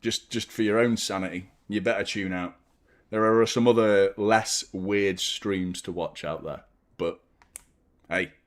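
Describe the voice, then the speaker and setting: A young man hosting a football watchalong stream, chatting casually, rambling and joking while reading out viewer shout-outs. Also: on the low side, steady tone, measured pace. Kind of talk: casual live-stream chat.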